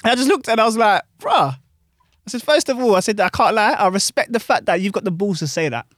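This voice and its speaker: Fast-talking high-voiced DJ. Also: male voice, dry recording, clean studio sound. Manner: animated, laughing anecdotes with British slang. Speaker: club DJ. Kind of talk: casual chat, storytelling.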